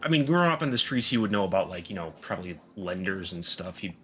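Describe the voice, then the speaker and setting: A man's voice: low voice, very animated, quick pace, a bit bright, faint music behind. A man playing a tabletop game, chatting casually and thinking aloud. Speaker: player. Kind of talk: casual chat.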